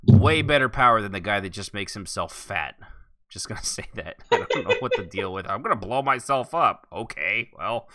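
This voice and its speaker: A man with a fairly low voice and a bright, forceful edge, hosting a relaxed podcast chat. He rambles along candidly and drops a casual swear here and there. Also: moderate pace, dry recording, studio quality. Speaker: podcast host.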